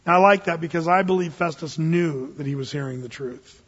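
A man preaches as a pastor in a casual, folksy way, mixing plain talk with dramatic readings of scripture. His voice sits high for a man and sounds husky. The recording is dull and lo-fi, with a long reverb from the hall. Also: a little fast, a bit bright. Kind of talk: expository sermon.

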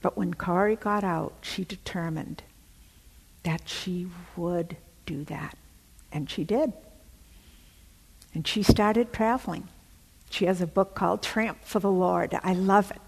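A woman's voice: fairly low pitch, slow, creaky, pauses often, breathy edge, in a large hall. A woman telling a story in a sermon, dramatic, often dropping to a near whisper. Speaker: preacher.

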